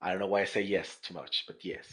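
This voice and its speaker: A man, a chef guest on a podcast, chatting casually and telling animated stories with many repeated words. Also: low voice, fast talker, rough recording. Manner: animated storyteller, repeats words, laughs easily. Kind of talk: casual chat.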